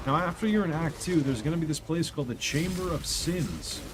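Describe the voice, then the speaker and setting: A man voicing a soothing, deep-voiced male game guide narrator, talking in a smooth, warm, deliberate way. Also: lively intonation, natural voice.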